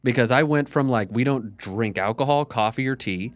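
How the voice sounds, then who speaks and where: A man's voice: mid-range voice, normal speed, no room sound. A man in his thirties, a podcast guest, telling his story in a candid, conversational way full of "like". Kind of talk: casual storytelling interview.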